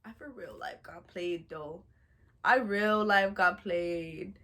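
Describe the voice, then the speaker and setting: A young woman telling a funny childhood story in a casual storytime, animated and dramatic, laughing as she goes. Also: fairly low pitch, slow pace. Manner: animated and dramatic, shouting and wailing re-enactments.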